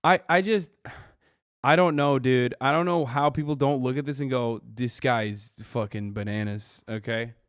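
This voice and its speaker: A man's voice: mid-range voice, normal speed, clear, resonant tone, no room sound, studio quality. Profane, incredulous male streamer. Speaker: streamer host. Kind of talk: reaction commentary.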